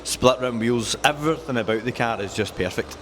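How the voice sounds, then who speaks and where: Enthusiastic car dealer. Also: male voice, medium pitch, a little fast, heavy background noise. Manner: enthusiastic, jokey, rattles off specs. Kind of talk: casual walkaround chat.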